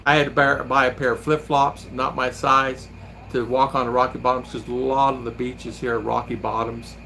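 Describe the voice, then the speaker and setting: A man's voice: medium pitch, little pitch movement, normal speed, creaky, bright, forceful tone, a little hiss or hum. A man hosting a vlog, chatting casually and telling rambling stories while laughing often. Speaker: vlogger and host. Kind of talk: casual chat.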